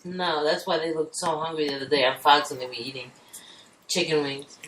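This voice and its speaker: A woman's voice: low voice, flat delivery, fairly quick, a bit bright, far from the mic. A blunt, grumbling woman co-host talking casually and swearing freely. She sits back from the mic, so her voice rings in a roomy space. A faint hiss runs under it. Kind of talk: casual chat. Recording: echoey room, off-mic, faint noise.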